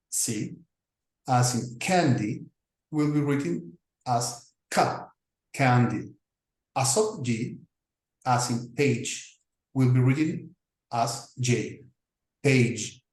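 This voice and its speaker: A man lectures through his slides in a slow, measured way, stopping often with small fillers as he explains. His voice sits in a middle range and carries a noticeable room echo. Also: medium pitch, darkish tone. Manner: deliberate, with frequent pauses and fillers. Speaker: English teacher. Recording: echoey room.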